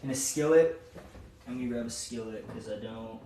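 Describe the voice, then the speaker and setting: A man's voice: mid-range voice, normal speed, mellow. A man talking casually to camera while he cooks in his home kitchen, thinking aloud as he goes. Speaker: home cook vlogger. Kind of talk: casual cooking vlog chat. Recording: roomy, distant, noisy kitchen audio.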